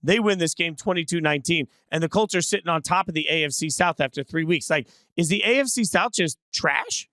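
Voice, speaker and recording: A man's voice: a little high, a little fast, hardly any pauses, pushed and bright, dry recording. A middle-aged man hosting a casual sports analysis chat, opinionated and brash in his calls. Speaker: sports show host.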